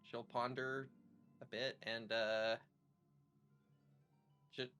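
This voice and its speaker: A woman's voice: a bass voice, level tone, very slow, fairly bright tone, smooth, highs cut off, soft background music. A woman playing a tabletop game, thinking aloud in a hesitant way. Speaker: player.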